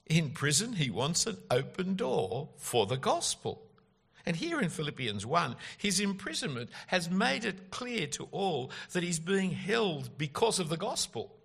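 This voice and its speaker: A man's voice: fairly high pitch, vocal fry, fairly bright tone, slightly rough. A man preaching an expository sermon, emphatic and full of rhetorical questions.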